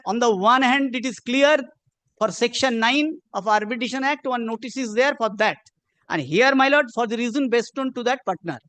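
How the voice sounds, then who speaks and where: A male advocate presses his case in a courtroom with a strikingly high voice. He speaks in a formal, insistent way and keeps addressing the bench. The sound is dry and close, with almost no room around it. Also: a bit bright, dry recording. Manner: insistent, repeats "my lord" constantly. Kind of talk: courtroom legal argument.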